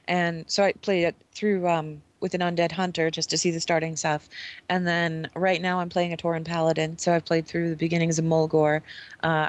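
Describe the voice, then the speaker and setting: A woman co-hosting a casual gaming chat, telling stories in an animated way and acting out the scenes. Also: fairly low pitch, no echo. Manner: animated storyteller who acts out scenes.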